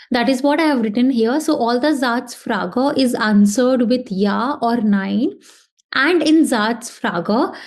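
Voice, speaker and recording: A woman's voice: fairly high pitch, a little mellow. A woman teaching a language lesson, explaining patiently and checking in often with "okay". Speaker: German teacher.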